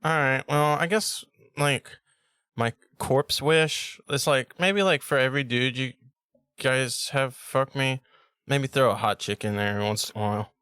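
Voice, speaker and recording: A man hosts a movie podcast in a relaxed, profane chat. He laughs a lot and fumbles names on the fly. The voice sits at a middle pitch, recorded close and dry. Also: unhurried, smooth, no room sound. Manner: swears a lot and laughs often. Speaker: podcast host.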